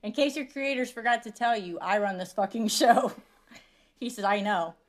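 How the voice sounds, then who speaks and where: A woman hosts a podcast in a loose, casual chat. She tells stories with lots of swearing and quick laughs, and her voice sits at an everyday middle pitch. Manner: profane, laughing storyteller. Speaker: podcast host.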